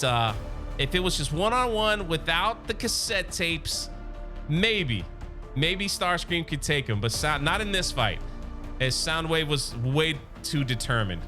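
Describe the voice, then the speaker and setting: A man recapping a story for his channel, excitable and openly a fan. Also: fairly high pitch. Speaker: YouTube reviewer.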